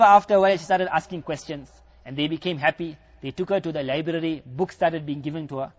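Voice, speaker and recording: South african guy preaching a story, kinda high voice, muffled lo-fi sound. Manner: retells a story with quoted dialogue. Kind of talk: storytelling sermon. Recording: dull lo-fi recording.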